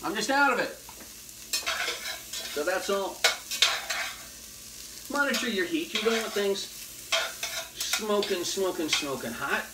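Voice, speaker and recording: A man's voice: sits high, animated, slow pace, pauses often, heavy background noise. A man hosting a casual cooking demonstration in a kitchen, talking in a folksy, jokey way with hip slang. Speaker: horror movie host doing a cooking segment. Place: home kitchen at the stove. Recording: loud sizzling and frying in the background.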